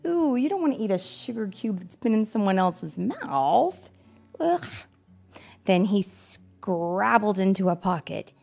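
A woman's voice: mid-range voice, very animated, unhurried, vocal fry, few pauses, a little mellow. A woman reading a picture book aloud, expressively and with chatty asides to her listeners. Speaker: storyteller.

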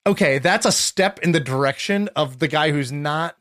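A man's voice: fairly high pitch, normal speed, a bit bright. A young man telling stories in casual conversation, rambling with lots of filler words and restarts.

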